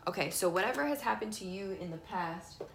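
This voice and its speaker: A woman giving a casual, emphatic tarot reading, swinging between soft and loud. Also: medium pitch, lively intonation, a little fast, creaky, slight background noise. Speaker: tarot reader. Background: faint playlist music.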